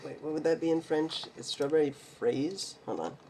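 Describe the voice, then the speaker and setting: A man hosting a card collecting video, slowly reading names off cards, stumbling over some and making little jokes to himself. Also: a little high, steady tone, darkish tone, slight background noise. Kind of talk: casual mail day card showcase.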